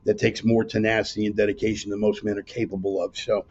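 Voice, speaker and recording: A man's voice: fairly low pitch, flat delivery, fast talker, darkish tone, husky, lo-fi sound. A man hosting his show casually from a dining room table, rambling and brash, with frequent self-corrections. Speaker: podcast host. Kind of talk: casual livestream commentary. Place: dining room in a private home. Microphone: laptop.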